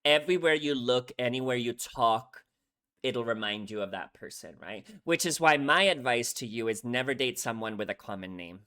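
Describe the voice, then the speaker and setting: Bright-voiced man, earnest reaction chat. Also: medium pitch, lively intonation, moderate pace, clear, resonant tone. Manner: earnest, emotional, says "right?" often. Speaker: music reaction YouTuber. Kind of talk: casual reaction commentary.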